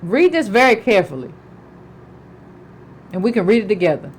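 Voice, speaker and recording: A woman's voice: medium pitch, big pitch swings, moderate pace, slight background noise, poor audio. A middle-aged woman giving political commentary in an emphatic way, repeating herself and asking pointed questions.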